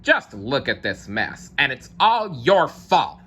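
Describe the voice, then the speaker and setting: A man's voice: medium pitch, big pitch swings, slow, bright, forceful tone, slightly rough, voice pushed up, full character voice. A man voicing a grumpy alligator in a read-aloud storybook, grumbling and blaming others in a raised voice. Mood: indignant. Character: grumpy complaining alligator at a party.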